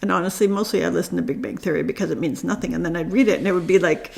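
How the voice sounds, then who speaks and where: A woman's voice: lowish voice, racing, creaky, darkish tone. A middle-aged woman co-hosting a podcast in casual chat, enthusiastic, often restarting her sentences and asking "right?". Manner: enthusiastic, stammers and restarts, ends lines with 'right?'. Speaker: podcast co-host.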